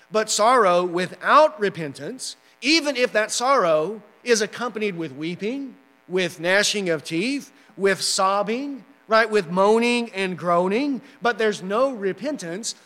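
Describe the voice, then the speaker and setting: A man's voice: high voice, pushed and bright, in a large hall. A man preaching a sermon as pastor, emphatic and repetitive, often checking in with the listeners. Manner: emphatic preaching with repeated "right?" asides.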